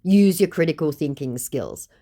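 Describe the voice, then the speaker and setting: Brief: woman host, dry sarcastic commentary, low but animated voice. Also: normal speed. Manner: dry, mocking asides. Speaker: scam-baiting channel host. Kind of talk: sarcastic commentary on chat screenshots.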